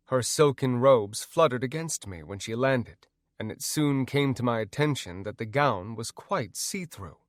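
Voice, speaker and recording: A man narrating a first-person audiobook in an expressive, storytelling way. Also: medium pitch, no room sound, clean studio sound.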